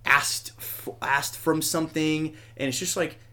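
A man hosting a podcast, talking casually in a rambling, profane and animated way. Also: on the high side, unhurried. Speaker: podcast host. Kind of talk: casual chat.

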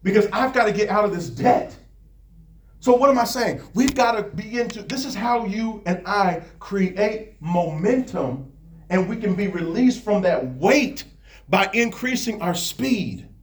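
A high-pitched man preaching in a lively, talk-to-the-people style. He reads scripture at a quick clip and keeps breaking off into asides, his voice ringing in an echoey church. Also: a little hiss or hum. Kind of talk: sermon. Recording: echoey room.

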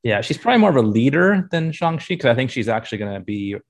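A man co-hosting a podcast in a relaxed, enthusiastic chatty way. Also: medium pitch, fast. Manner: enthusiastic, laid-back, many fillers. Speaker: podcast co-host. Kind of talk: casual chat.

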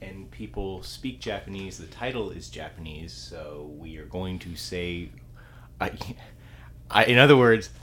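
Low-voiced rambling man on a podcast. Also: animated, unhurried, a bit bright, a little hiss or hum. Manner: rambling, hesitant, many restarts. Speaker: podcast co-host. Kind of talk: casual chat.

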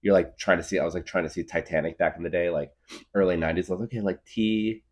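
This low-pitched podcast host in his thirties races along in a steady tone. He rambles through comedy bits full of fillers and keeps laughing at his own jokes.

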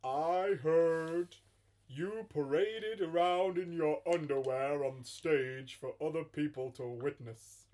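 A man voicing a jolly, well-fed old Santa Claus with a put-on American accent, teasing and booming. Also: darkish tone. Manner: hammy, teasing, slow and booming.

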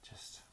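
A podcast host, a man, rants in a loose, sarcastic, foul-mouthed way that wanders all over. He sounds out of breath.

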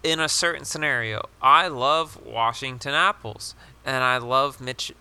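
A man's voice: medium pitch, unhurried, sharp tone, clear, resonant tone. A young man co-hosting a casual podcast chat, rambling with lots of fillers and casual swearing. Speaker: podcast co-host.

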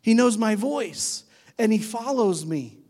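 A man preaching a conversational sermon as pastor, warming up with easygoing stories. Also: high voice, slow pace. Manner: conversational, animated when imitating talk to his dog. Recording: long hall reverb.

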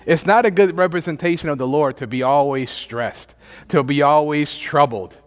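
A male pastor delivering a sermon, emphatic and driving his points home by repeating phrases and calling for an amen. His voice sits a little on the high side. It carries through a reverberant church hall. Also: moderate pace.

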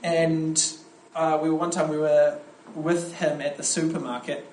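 A young man preaching a camp sermon to young people, animated and storytelling, with frequent restarts. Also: fairly high pitch, unhurried, a little hiss or hum. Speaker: youth pastor preaching at a camp. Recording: echoey hall with faint ambience.

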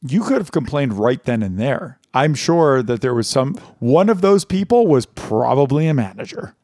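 A man's voice: mid-range voice, expressive, normal speed, a little mellow, no echo, studio quality. A man co-hosting a casual podcast, chatting with friends, laughing often and rambling through restarts while reading reviews aloud. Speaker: podcast co-host.

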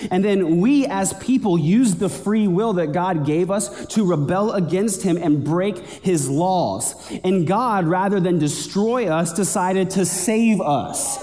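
A man's voice: lively intonation, takes it slowly, hardly any pauses, mellow. A man preaching a sermon as a pastor, talking in a conversational way and building up energy as he goes. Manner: conversational preaching, builds in pitch toward the end. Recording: long hall reverb.

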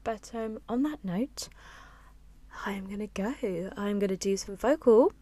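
A woman hosting a reflective solo podcast, speaking softly and close to the microphone, her voice low, resonant and a little raspy. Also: a little slow. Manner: soft-spoken, close to the mic. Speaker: podcast host. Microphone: close-up studio mic with pop filter.

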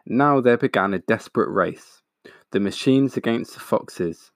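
A man reading a children's picture book aloud, steady and expressive. His low voice has a gravelly fry, and the sound is dry and close. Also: measured pace, no echo. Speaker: storyteller.

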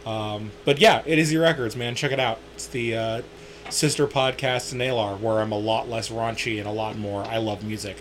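A man's voice: fairly low pitch, fairly even intonation, moderate pace, a little hiss or hum. A man hosting a podcast in casual chat, joking crudely and swearing a lot. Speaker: podcast host.

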